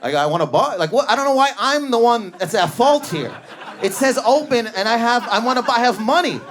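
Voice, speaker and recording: A Canadian man doing stand-up, telling animated stories and bursting into shouted impressions of other people. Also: very high voice, fairly quick. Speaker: stand-up comedian. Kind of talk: stand-up routine. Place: comedy club stage before a live audience. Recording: live club with loud crowd laughter. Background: audience laughter.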